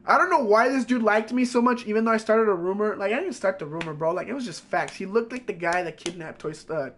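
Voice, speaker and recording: A man streamer telling a story in a casual, animated way, swearing constantly and packing his lines with fillers. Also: sits high, quick pace, slight background noise.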